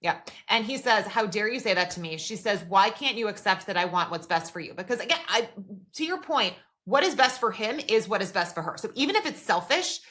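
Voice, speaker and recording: Bright-voiced woman recapping a TV episode. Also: mid-range voice, expressive, fairly quick. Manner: retells scenes at length, quoting characters, many "like" fillers. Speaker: podcast co-host. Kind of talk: casual TV recap chat.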